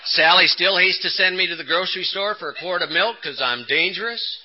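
A man with a fairly high voice gives a personal testimony at a conference, building to emphatic peaks and then pausing for effect. The recording is a dull, lo-fi 1980s tape. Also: background noise. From Texas. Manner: storytelling with rising emphasis and dramatic pauses. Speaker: recovery conference speaker. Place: conference hall.

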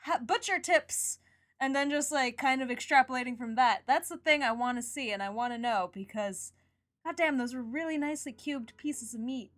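A young woman co-hosting a podcast, talking casually in a wry, animated way and swearing now and then. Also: high-pitched, a little fast. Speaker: podcast co-host. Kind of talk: casual chat.

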